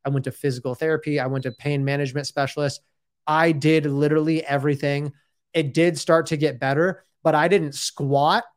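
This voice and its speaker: A man's voice: fairly high pitch, fairly even intonation, brisk. A man in his thirties telling his own story in a casual, rambling and candid way, often saying "dude" and "like".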